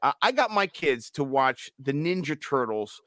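A man co-hosting a podcast, excitable and laughing often in casual chat. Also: mid-range voice, moderate pace, no echo. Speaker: podcast co-host.

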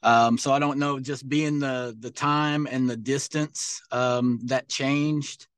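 A man guesting on a podcast, speaking hesitantly with many pauses and ums. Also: mid-range voice, steady tone, a bit bright, clear, resonant tone, no room sound. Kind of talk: casual discussion.

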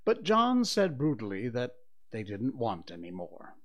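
A man narrating a classic children's story in an expressive reading voice. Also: medium pitch, a little slow. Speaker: audiobook narrator.

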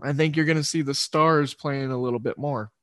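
This man hosts a sports betting show, drifting casually through picks and fixing his own slips. He speaks a little fast at medium pitch, with fairly even intonation and a fairly bright tone, in clean studio sound with no room noise.

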